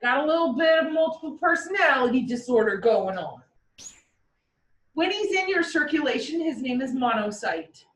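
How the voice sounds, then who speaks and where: A woman teaching a class in a playful way, with vivid comparisons and quick mock voices, recorded from across the room. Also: high-pitched, very animated, a bit bright, recorded from a distance. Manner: playful, uses military metaphors and mock voices. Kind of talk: classroom lecture. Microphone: far from the mic. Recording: echoey classroom recorded from afar.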